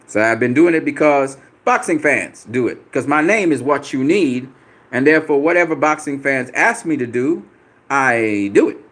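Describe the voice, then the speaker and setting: A man's voice: medium pitch, expressive, moderate pace, a bit bright. A man hosting a boxing channel, answering viewer comments on a live stream in a combative, profane way, repeating himself for emphasis.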